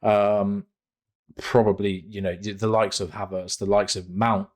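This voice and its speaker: A man's voice: lowish voice, little pitch movement, moderate pace, darkish tone. Rambling slangy man, podcast co-host. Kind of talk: casual chat.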